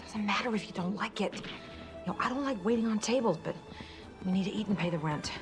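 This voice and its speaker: A woman's voice: medium pitch, fast, lightly acted. A woman playing a nervy, weary waitress mother. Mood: scolding. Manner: nervy, sharp-tongued. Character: weary, nervous working-class waitress and mother. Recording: film soundtrack with music and hiss.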